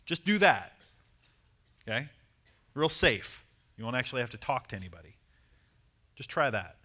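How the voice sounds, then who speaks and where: A man coaching a seminar audience on dating, animated and acting out short bits of dialogue. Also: mid-range voice, moderate pace, pauses often. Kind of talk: seminar talk to a live audience.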